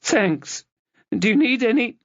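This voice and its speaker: A man voicing a distraught adult woman, an anxious sister, in a high, fluttering, tearful voice, in an audiobook. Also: animated, takes it slowly, fairly bright tone, no echo, full character voice. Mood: flustered. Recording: dull, dry lo-fi recording.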